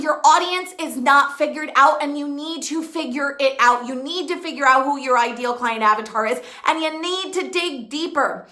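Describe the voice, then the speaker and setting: Woman, business coach, very high voice, blunt and swearing, echoey room. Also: pushed and bright. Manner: blunt and profane, emphatic. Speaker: women's empowerment and business coach. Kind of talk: motivational monologue.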